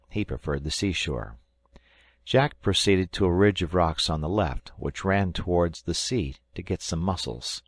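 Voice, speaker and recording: Man, audiobook narrator, very low voice, measured storytelling, dry close sound. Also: no room sound. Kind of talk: scripted narration.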